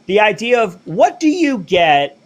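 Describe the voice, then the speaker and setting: A man hosting a live political commentary stream, talking brashly and fast. His voice sits high for a man. He plugs his merch between rants. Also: very animated. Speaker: show host. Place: Florida.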